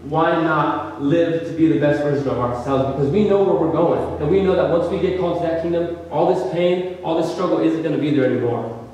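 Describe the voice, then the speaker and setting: A man's voice: on the high side, a little fast, a little mellow. A young man from California giving an earnest, conversational sermon to students, with many fillers. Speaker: student speaker. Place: large hall. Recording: distant, very echoey hall.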